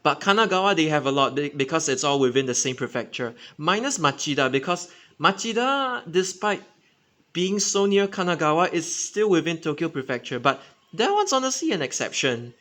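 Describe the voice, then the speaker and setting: A man's voice: a little high, big pitch swings, moderate pace, fairly bright tone. A man with a Singaporean English accent giving an unscripted, casual explainer, rambling with many fillers and self-corrections. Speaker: transit enthusiast channel host.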